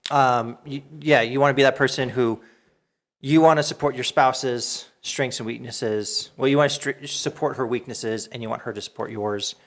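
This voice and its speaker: A man hosts a relaxed podcast conversation, his voice sitting at an ordinary middle pitch. He talks haltingly and keeps breaking off to restart his sentences. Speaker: podcast host. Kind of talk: casual chat.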